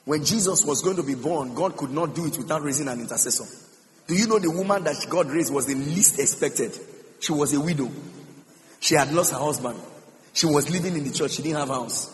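In a church hall, a pastor preaches emphatically, repeating phrases and singing out some lines. His voice is fairly high and brisk. The hall is reverberant, with music playing behind him.

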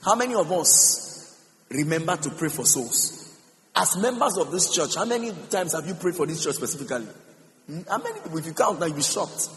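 A man's voice: on the high side, lively intonation, a little fast, a bit bright. A man preaching a sermon as pastor, emphatic, repeating phrases and singing some lines out. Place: church hall. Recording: reverberant hall with music behind.

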